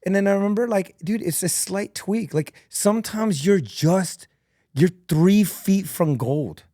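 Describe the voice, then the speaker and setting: A man who is a podcast guest and entrepreneur, telling stories in an earnest, animated and emotional way. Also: sits high, measured pace, no echo, clean studio sound. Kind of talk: emotional, candid conversation.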